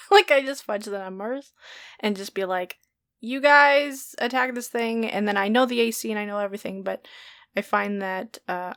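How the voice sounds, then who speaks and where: A woman's voice: medium pitch, no echo. Giggly, swearing woman telling stories. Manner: giggly, swears freely, rambling storytelling. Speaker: podcast guest, dungeon master. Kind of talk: casual chat.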